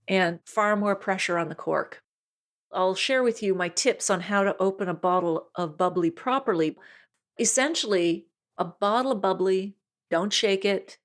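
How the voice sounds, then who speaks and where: A woman hosting a wine podcast in a chatty, enthusiastic solo monologue, laughing often. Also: mid-range voice.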